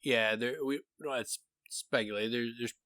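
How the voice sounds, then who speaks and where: A man co-hosting a podcast, animatedly thinking out loud as he retells and theorizes about scenes from a book. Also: medium pitch, steady tone, normal speed, clean tone, no echo. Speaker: podcast co-host. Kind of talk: casual podcast discussion.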